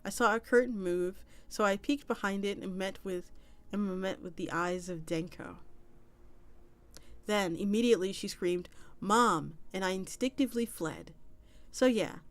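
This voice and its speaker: A woman streamer reading forum posts aloud in an unfussy, casual manner. Her voice sits at a middle pitch, and she trips over a word now and then before carrying on. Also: normal speed. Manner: plain reading with small slips and restarts. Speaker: streamer reading an internet story.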